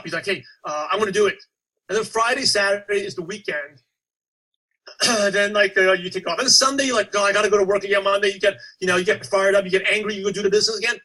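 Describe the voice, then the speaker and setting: High, bright-voiced man coaching a team. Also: breathy edge, poor audio. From United States. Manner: animated storytelling, acts out his past self. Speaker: network marketing coach. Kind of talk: motivational talk to a team.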